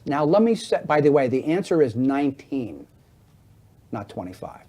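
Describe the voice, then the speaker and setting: Man, middle-aged, earnest, persuasive, explanatory interview guest, mellow dark tone. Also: mid-range voice, sing-song, normal speed. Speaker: hearing aid business guest.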